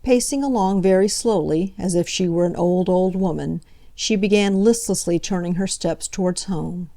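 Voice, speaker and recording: A woman narrating a classic novel as an audiobook, reading in a measured, steady way. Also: lowish voice.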